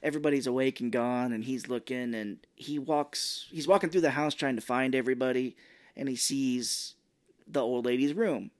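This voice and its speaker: A man with a mid-pitched voice co-hosts a podcast, retelling a movie scene by scene. His manner is casual and animated, with frequent laughter. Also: normal speed. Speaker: podcast co-host. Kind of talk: casual movie-recap chat.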